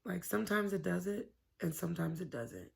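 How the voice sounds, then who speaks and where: A woman with a lowish, darkish, slightly rough voice and some vocal fry talks fairly quickly and with animation. She's vlogging to camera from home, rambling candidly and swearing freely in a casual confessional chat.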